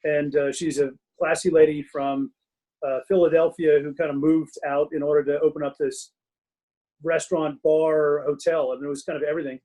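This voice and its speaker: Guest author here: a middle-aged man whose warm voice sits a little high for a man. Chatting easily in a casual interview from his home den, he tells self-mocking stories and laughs through them, though the recording quality is low.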